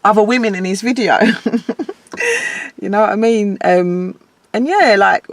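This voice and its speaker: A woman in an interview, talking earnestly and reflectively and laughing easily. Her voice sits at an ordinary middle pitch, and the sound is close and dry with no room echo. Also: a little slow. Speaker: guest musician. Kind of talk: casual interview chat.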